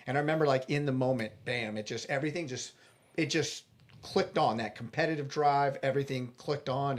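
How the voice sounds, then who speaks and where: A man being interviewed, earnestly retelling a personal story with animated restarts. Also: mid-range voice, a little fast. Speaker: interview guest.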